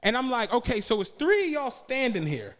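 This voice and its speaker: Speaking briskly in a very high voice, this male podcast co-host spins a lengthy, foul-mouthed tale and performs each character with lots of energy. The talk is loose, chatty storytelling.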